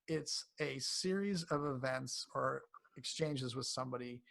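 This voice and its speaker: A man being interviewed as a health coach, speaking casually and acting out quotes in animated voices. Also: mid-range voice, unhurried, vocal fry. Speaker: cancer coach guest.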